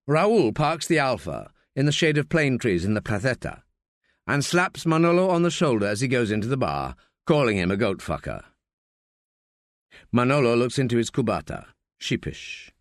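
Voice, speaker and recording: A man's voice: medium pitch, no room sound, studio quality. A man reading an audiobook as narrator, voicing the characters as he goes. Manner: slow, lively reading with voiced characters. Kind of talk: scripted narration.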